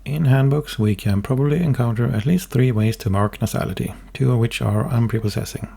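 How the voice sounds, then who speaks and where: A man giving a careful, measured, scripted explanation in a lecturing manner. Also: medium pitch, creaky, mellow, slightly rough. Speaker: language hobbyist presenter.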